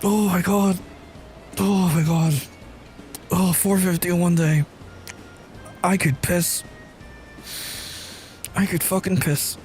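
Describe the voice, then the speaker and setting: A man streaming live in casual chat, excitable and profane, stumbling over repeated words. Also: high voice, slow, long pauses, soft background music. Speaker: livestreamer. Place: indoors at home.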